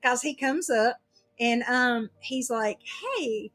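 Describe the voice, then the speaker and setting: A woman's voice: a little high, takes it slowly, soft background music. A woman telling a story in casual chat, acting out what everyone said. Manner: animated storytelling, acts out quoted dialogue.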